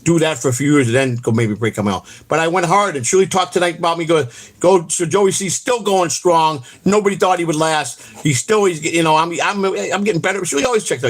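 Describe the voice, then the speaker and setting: A man hosting a livestream, rambling through stories in a profane, excitable way. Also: a little high, brisk. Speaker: host. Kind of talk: casual rambling livestream chat.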